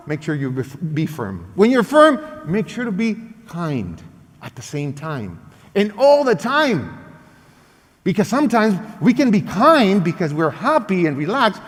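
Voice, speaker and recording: Man, high voice, parenting workshop presenter, animated and emphatic, non-native English phrasing, long hall reverb. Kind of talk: lively teaching talk acting out parent and child lines. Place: church hall.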